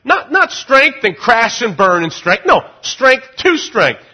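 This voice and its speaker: A middle-aged male pastor delivering a sermon in a high, bright, forceful voice. He drops into easygoing conversational asides, then climbs into loud, ringing declarations. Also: takes it slowly, dull audio. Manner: animated preaching, swings from quiet asides to loud declarations.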